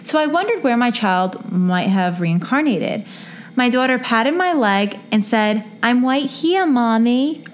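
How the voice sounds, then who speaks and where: A woman reads a listener's true story aloud on a podcast, earnest and steady, with joking asides between stories. Her voice sits at a middle pitch. A faint hiss of noise runs behind her. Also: unhurried. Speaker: podcast co-host. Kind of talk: reading listener stories aloud, casual chat.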